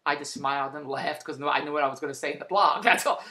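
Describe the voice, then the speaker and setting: A man rattling off a comic rant at top speed, his voice bright and sharp. He jumps from mutters to loud outbursts, and his voice bounces around an echoey room. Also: fairly high pitch, fast talker. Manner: excitable, swings to loud exclamations. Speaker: vlogger and TV marketer. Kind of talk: rambling comic monologue.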